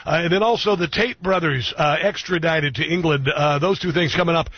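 A man's voice: fairly high pitch, brisk, breathy edge, dry recording. A man hosting a radio talk show, chatting enthusiastically with frequent restarts. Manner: enthusiastic, hesitant with many restarts. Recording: slightly dull radio audio.

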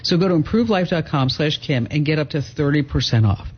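A man hosting a call-in radio show, chatty and quick to laugh, giving advice to callers and reading ads. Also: on the high side, expressive, husky. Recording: dull broadcast audio.

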